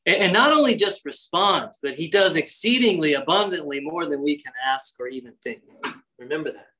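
A man's voice: fairly high pitch, lively intonation, a little fast, pushed and bright, poor audio. A man preaching a devotional sermon in an earnest, prayerful way, acting out quoted lines with lifted energy.

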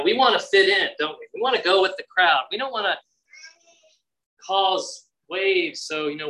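Lively high-voiced preacher man. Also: low-quality recording. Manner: acts out scripture voices, conversational asides. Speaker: pastor. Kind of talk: sermon.

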